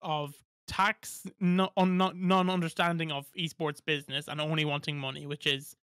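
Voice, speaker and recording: A man's voice: on the high side, little pitch movement, moderate pace, a bit bright, smooth, dry recording, clean studio sound. A man talking as a podcast guest in casual chat, blunt and emphatic, swearing freely.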